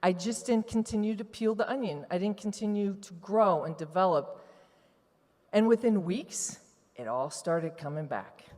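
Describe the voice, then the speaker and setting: A woman tells her own story on stage to a live audience, candid and emotional, at an everyday mid pitch. Her voice carries a long hall reverb, as in a large event venue. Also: moderate pace, darkish tone. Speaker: retreat participant giving testimony. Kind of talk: personal testimony to a live audience.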